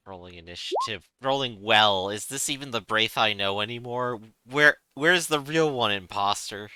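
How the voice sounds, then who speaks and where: A man's voice: fairly low pitch, moderate pace, noisy background. A man playing in a tabletop game, chatting casually and teasing the others. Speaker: player.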